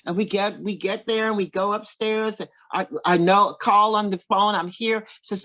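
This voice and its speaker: A woman in her seventies from Oklahoma, a singer and interview guest, telling a story in an animated way and acting out other people's lines. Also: mid-range voice, moderate pace, hardly any pauses, lo-fi sound. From Oklahoma, USA.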